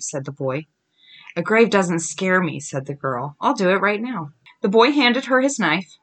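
A woman in her thirties, a podcast host, reading scary stories aloud to her daughter with lively giggles and slow, groaning spooky lines. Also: on the low side.

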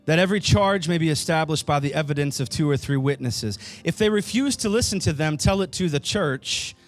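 A man's voice: a little high, brisk, soft background music. A male pastor preaching a sermon, asking his congregation questions and repeating key phrases for emphasis. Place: church sanctuary.

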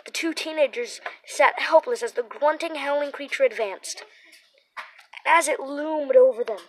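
A woman's voice: high-pitched, normal speed, low-quality recording. A woman narrating a children's story aloud, reading it through with small restarts and repeated words. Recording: faint background noise.

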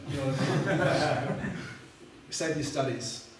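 A man's voice: fairly high pitch, fairly quick. A man preaching a sermon, telling a story in a chatty, rambling way with lots of fillers. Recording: echoey hall, distant mic, faint hum.

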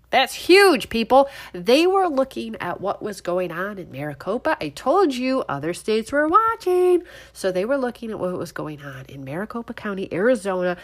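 A woman giving political commentary straight to her viewers, animated and sarcastic. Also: fairly high pitch. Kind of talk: direct-to-audience commentary.

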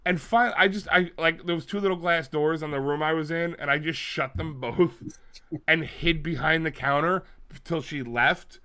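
A man's voice: on the high side, moderate pace, clear, resonant tone. A man co-hosting a podcast, telling stories in a casual comedic chat and swearing freely. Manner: animated storyteller, mimics people loudly. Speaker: podcast co-host.

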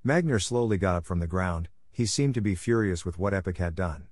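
A man reading an action story aloud in a steady, plain narration. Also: low-pitched, a little fast, no room sound, clean studio sound.

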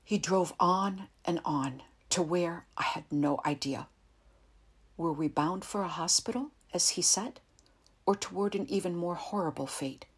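A woman narrating a first-person story in a quiet, tense, measured way. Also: on the low side, slightly rough.

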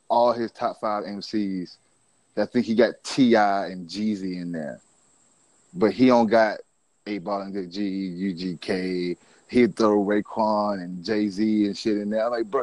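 A man's voice: lowish voice, darkish tone, no echo. A man in casual conversation, telling stories about rap music in a laid-back, slangy way with plenty of swearing.

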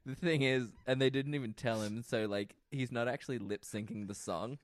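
A young man co-hosting a podcast, casually chatting about a TV episode, animated and joking, swearing freely. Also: medium pitch, brisk, dry recording, clean studio sound. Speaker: podcast co-host. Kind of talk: casual chat recapping a TV episode.

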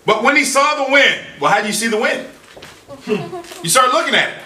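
Man preacher, bright lively sermon delivery, recorded far off in an echoey room. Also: extremely high pitch, fairly quick. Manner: animated, quoting scripture in dramatic voices.

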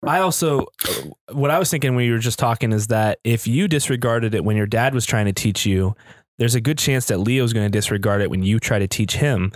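A man in his thirties chats casually at a middle pitch, recorded close and dry. He thinks out loud, restarts his sentences and slips into little acted-out quotes. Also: fairly quick, dry recording. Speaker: podcast co-host. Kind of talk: casual chat.

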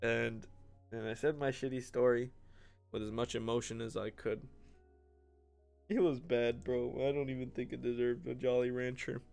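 A young podcast host spins loose, joking stories about school, throwing in "bro" and playing the people he talks about. His voice is smooth with a gravelly fry. Soft music plays faintly behind him. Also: mid-range voice, level tone, moderate pace. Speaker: podcast host and content creator. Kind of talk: casual solo podcast storytelling.

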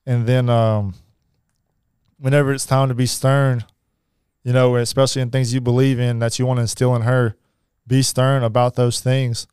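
A man telling his life story as a podcast guest, halting, with many fillers and restarts. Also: medium pitch, level tone, darkish tone, clear, resonant tone, no echo, clean studio sound. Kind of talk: personal storytelling.

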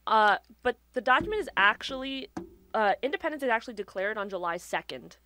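A woman's voice: a little high, animated, brisk, sharp tone, a little hiss or hum. A woman co-hosting a casual podcast, explaining history in a chatty way with fillers. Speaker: podcast co-host.

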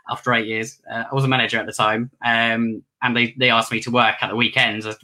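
Bright-voiced ventriloquist, rambling. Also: male voice, mid-range voice, level tone, brisk, hardly any pauses. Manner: rambling, with many restarts and self-corrections. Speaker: ventriloquist and magician. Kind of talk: casual interview answers.

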